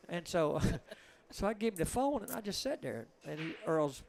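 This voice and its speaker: Male pool commentator, high voice, chatty yarn-spinner in the booth. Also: sing-song, measured pace, vocal fry. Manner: chatty, joking storyteller.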